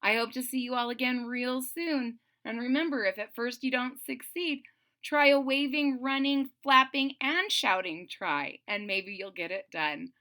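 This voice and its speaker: A woman reading a children's story aloud in an animated, expressive way, talking to young listeners. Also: a little high, a little slow.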